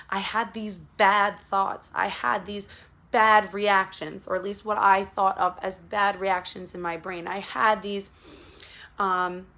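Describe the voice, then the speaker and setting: Woman coach, earnest, direct address, mid-pitched, plain casual delivery. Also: sharp tone. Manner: earnest, repetitive, speaks straight to the listener. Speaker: postpartum support coach. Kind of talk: casual direct-to-camera advice talk.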